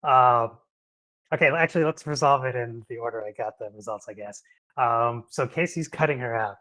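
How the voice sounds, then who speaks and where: A man narrates a tabletop role-playing game as its game master. He fills his sentences with ums and breaks into laughter often. His voice sits at a middling pitch. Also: bright, forceful tone. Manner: laughs often, many ums, quick voice changes for characters.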